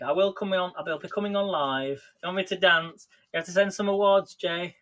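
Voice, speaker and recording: A man's voice: a little high, normal speed, pushed and bright. A man casually chatting through a live cooking stream, rambling and talking to viewers by name. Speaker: livestream host.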